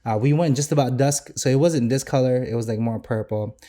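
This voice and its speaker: A man's voice: mid-range voice, brisk, mellow. A young man, a chef co-hosting a podcast, talking casually and enthusiastically with lots of fillers and restarts.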